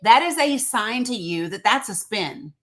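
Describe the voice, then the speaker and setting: A woman's voice: fairly high pitch, expressive, measured pace, fairly bright tone. A middle-aged woman hosting a casual livestream from home on her phone, emphatic and chatty, repeating her points and greeting viewers by name. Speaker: livestream host.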